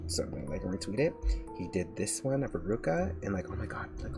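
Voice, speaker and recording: Low-ish guy streaming, gushy and rambly, keeps saying sorry, soft music behind. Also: big pitch swings, fast. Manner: gushing, rambling, apologetic. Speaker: VTuber streamer. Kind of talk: casual live-stream chat. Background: faint background music.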